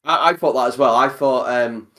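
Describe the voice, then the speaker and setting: The host of a casual podcast, this man talks loosely and chattily, with frequent swearing, fillers and restarts. His voice is medium-pitched and a little bright, moving at an ordinary speed.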